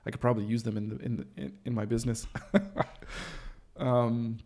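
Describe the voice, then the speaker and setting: A man's voice: mid-range voice, little pitch movement, a little fast, dark tone. A man hosting a livestream, chatting casually with viewers in a rambling, joking way full of fillers and restarts. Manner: joking, self-deprecating. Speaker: livestream host.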